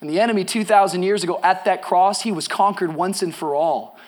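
A young man preaching with a high, bright-toned voice that climbs into shouts on his big points. He drops to a near hush for tender moments, then throws in relaxed, slangy asides to the crowd. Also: brisk. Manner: swings from hushed storytelling to shouted emphasis; casual slangy asides to the congregation. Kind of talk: energetic sermon.

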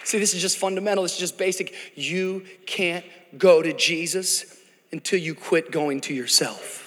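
A pastor preaching a sermon to his church, dramatic and building to shouts. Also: high voice, moderate pace, in a large hall. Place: large church hall.

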